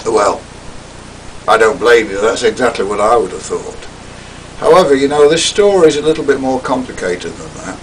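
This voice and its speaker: An older man giving a talk, recounting a personal story in a theatrical, wry way that drops to hushed asides. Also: medium pitch, big pitch swings, normal speed, recorded from a distance, slight background noise, poor audio.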